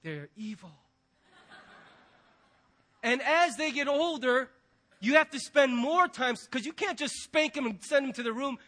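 A man preaching from the pulpit with a notably high voice. His tone is bright and forceful, and he slips into animated voices when he tells stories. The delivery is that of a middle-aged pastor speaking to his congregation. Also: measured pace, long pauses. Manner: animated storytelling, acting out quoted voices. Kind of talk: sermon.

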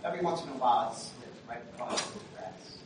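A man preaching a sermon in a conversational way that swings between quiet asides and loud, emphatic bursts, recorded from far off in a very echoey church hall with faint noise. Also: medium pitch, fast. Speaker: pastor.

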